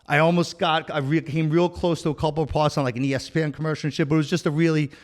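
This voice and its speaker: A man from Long Island with a New York accent, hosting a casual interview and telling profane, animated stories. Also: on the high side, very fast. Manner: profane, storytelling, animated quoting. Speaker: podcast host.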